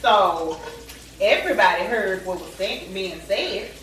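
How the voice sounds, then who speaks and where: Slow-talking woman in an echoey room. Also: mid-range voice, far from the mic, slight background noise. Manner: chatty, animated, talks straight to viewers. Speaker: vlogger. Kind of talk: casual storytelling to viewers. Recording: echoey room, away from the mic.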